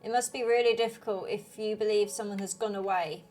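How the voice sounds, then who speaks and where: A woman's voice: medium pitch, steady tone, a little fast, darkish tone, soft background music. Thoughtful woman playing a game. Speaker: gaming channel host. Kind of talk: game commentary.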